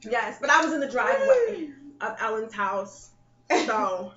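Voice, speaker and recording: A hoarse woman chatting casually as a co-host, telling animated stories with frequent laughs and swearing. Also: on the high side, a little slow, a loud crowd. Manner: animated storyteller, laughs often, swears freely. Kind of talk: casual chat. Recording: roomy, dull, loud background noise.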